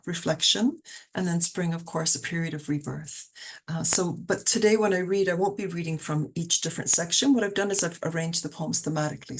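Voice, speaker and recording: A woman's voice: fairly low pitch, vocal fry. A woman from Canada hosting an online poetry reading, talking casually with fillers and restarts.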